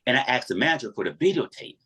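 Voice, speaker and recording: Male interview guest, husky, animated storyteller with a lively pitch. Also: very fast. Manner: animated, acts out every voice in his story.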